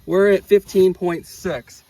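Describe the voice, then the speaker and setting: A high-voiced man talks through a hands-on test outdoors near a road, reading out numbers and reacting with open enthusiasm. His delivery is casual and unscripted, the way he would think aloud to himself. A faint hum of outdoor ambience sits under his voice. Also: fairly even intonation, slow, mellow, rough recording. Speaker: RC hobby channel host. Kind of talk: casual hands-on testing vlog.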